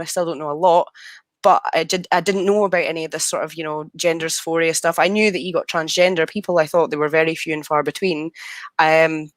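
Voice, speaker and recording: A young Scottish woman on a video call, telling her story in animated casual chat and acting out the quoted exchanges. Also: lowish voice, no room sound. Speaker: guest.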